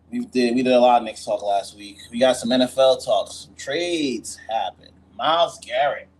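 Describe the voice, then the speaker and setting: Male podcast host, mid pitch, relaxed blunt delivery, slight background hiss. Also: low-quality recording. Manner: blunt, slangy critique. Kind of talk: casual sports chat.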